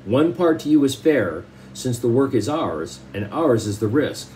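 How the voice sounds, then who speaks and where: A man's voice: mid-range voice, sing-song, a little slow, darkish tone, a little hiss or hum, poor audio. A man reading aloud the lines of a blunt male sea captain who bargains in a terse, demanding way.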